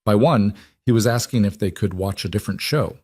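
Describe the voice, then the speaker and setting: A man narrating a scripted drama story in an even, measured way. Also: on the low side, no room sound, clean studio sound.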